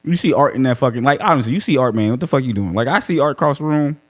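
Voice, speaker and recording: A man on a podcast, chatting casually and retelling a scene in a loose, animated way, with lots of swearing. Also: medium pitch, rapid-fire. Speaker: podcast panelist. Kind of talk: casual profane chat.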